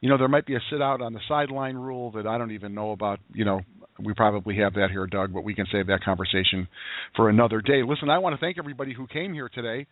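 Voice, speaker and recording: A man's voice: fairly low pitch, quick pace, no room sound. A man hosting a call-in broadcast, telling stories in a rambling, folksy way with many restarts, heard over a tinny, dry phone line. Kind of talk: casual talk to callers.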